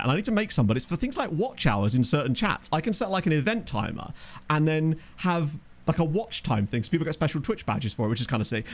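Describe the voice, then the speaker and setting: A man chatting casually while streaming a game, reading out and answering chat messages and laughing often. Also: on the high side. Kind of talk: casual live-stream commentary. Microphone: USB desk microphone.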